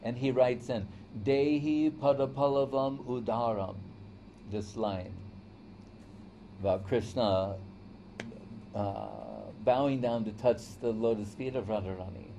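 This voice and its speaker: A man, a spiritual teacher, gives a devotional lecture as conversational storytelling, acting out quoted voices and often checking in with "right?". His medium-pitched, warm voice keeps a fairly even intonation and measured pace over slight background noise.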